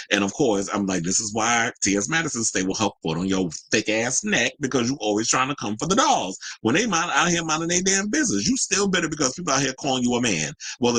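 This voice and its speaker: A man's voice: on the low side, fairly bright tone, no echo, rough recording. A young adult man hosting an entertainment news show, giving sassy, chatty pop-culture commentary with slang asides.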